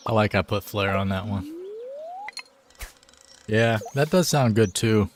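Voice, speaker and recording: A man's voice: fairly low pitch, animated, takes it slowly, pauses often, slight background noise. A man chatting casually on a live game stream, laid-back and joking, full of slang.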